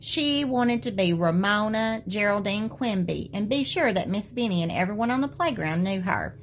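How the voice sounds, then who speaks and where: Teacher, woman, reads children's book to class, gentle, animated, light hiss behind. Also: medium pitch, moderate pace. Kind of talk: reading a children's book aloud.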